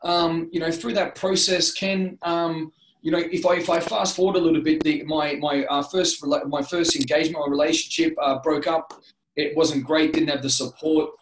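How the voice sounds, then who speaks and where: A man's voice: fairly high pitch, fairly even intonation, normal speed, a little hiss or hum. A middle-aged Australian man telling his life story as an interview guest, earnest and rambling, with many restarts. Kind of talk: candid personal storytelling. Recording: roomy echo.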